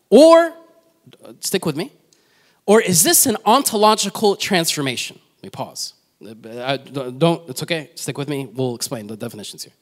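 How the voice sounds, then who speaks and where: A man preaching a sermon in a conversational way, asking the congregation questions and telling personal stories with self-deprecating humor. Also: sits high.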